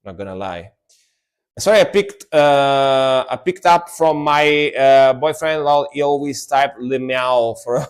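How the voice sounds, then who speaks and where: A man with an Italian accent, rambling through live-stream commentary on music. He repeats words, restarts his sentences and pokes fun at himself, at a mid pitch. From Italy.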